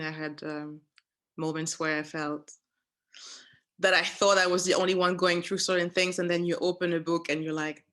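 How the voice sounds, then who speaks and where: A woman's voice: on the low side, fairly bright tone. A woman interviewer asking thoughtful questions and searching for her words as she goes. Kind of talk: interview conversation.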